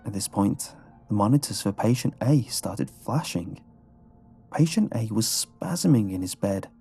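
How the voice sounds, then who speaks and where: A man giving scripted horror narration in a low, measured storytelling manner. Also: animated, dark tone, husky. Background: faint background music.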